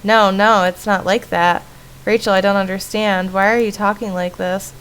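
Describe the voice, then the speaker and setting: A woman's voice: mid-range voice, fairly even intonation, normal speed, fairly bright tone, smooth, close to an everyday voice, rough recording. A woman reading aloud as a guilty young woman who keeps apologizing to her friend in a horror game. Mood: defensive. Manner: defensive, then remorseful.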